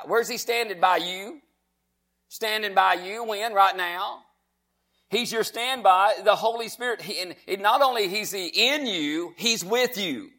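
A man preaching a sermon to viewers at home, fervent and repetitive, a self-described fast talker. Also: high voice, fairly bright tone. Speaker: pastor.

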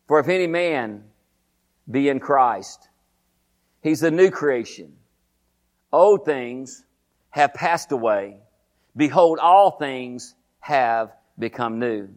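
Male preacher, slightly higher pitch; rapid, emphatic delivery that circles back on its phrases. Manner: fast-talking, emphatic, repeats phrases. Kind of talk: sermon.

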